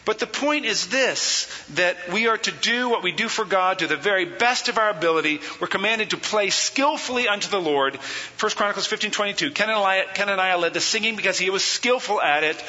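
Guy teaching a church class, bright edgy voice, reads quotes then quizzes the room, muffled hissy recording in a big echoey hall. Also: sits high, brisk. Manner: reads quotations aloud, then explains them; questions the audience and has them repeat phrases. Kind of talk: teaching a seminar on worship.

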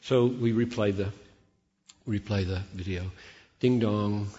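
A man in his sixties preaching a sermon, telling a story animatedly, acting out dialogue and repeating words when excited. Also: fairly low pitch, slow. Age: 60s. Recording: dull sound with long hall reverb.

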